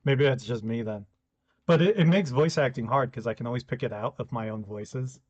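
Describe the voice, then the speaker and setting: A man co-hosting a podcast with a deep, slightly smoky voice, talking in a relaxed, conversational way. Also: a little fast, dull audio. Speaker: podcast co-host. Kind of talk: casual chat.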